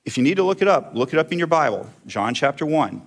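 Very animated and fast, with a voice on the high side, a middle-aged man preaches to his congregation. As their pastor, he keeps the tone conversational and keeps asking them questions.

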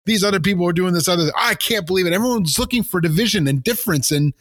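An older man with a slightly high voice hosts a faith podcast. He sounds animated and preachy, and he breaks into mimicked voices. The close mic is dry. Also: fast, no room sound. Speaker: podcast host. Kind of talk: casual faith podcast chat.

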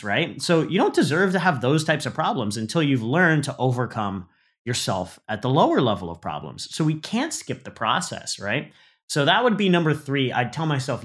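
A man's voice: mid-range voice, big pitch swings, normal speed. A man in his thirties giving a motivational business talk, emphatic, repeating words and tagging his points with "right?".

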